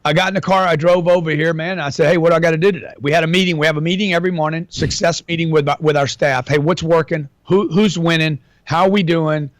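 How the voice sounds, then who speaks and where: Brash middle-aged man, streetwise and profane, slightly high voice, dry close-miked sound. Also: steady tone, quick pace, few pauses, dry recording. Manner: brash, slangy, profane, keeps saying man and dude. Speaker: interview guest. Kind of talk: casual interview talk.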